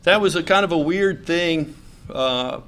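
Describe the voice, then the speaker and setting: Speaking unhurriedly in a slightly high, fairly bright voice with a faint hiss or hum, this middle-aged state senator from Louisiana addresses a club meeting room after lunch. His talk is folksy and joking, full of hesitations, fillers, and false starts.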